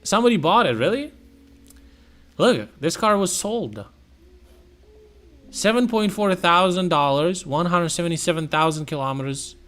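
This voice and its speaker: A man's voice: sits high, animated, normal speed, pauses often, fairly bright tone. A man casually thinking aloud as a streamer, slangy and profane, with sudden exclamations. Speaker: streamer browsing car listings. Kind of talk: casual live commentary.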